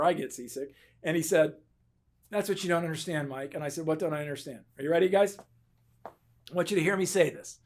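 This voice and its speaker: A man giving a motivational keynote talk on leadership, telling stories and acting out both sides of the dialogue in an animated way. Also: sits high. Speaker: keynote speaker. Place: conference stage.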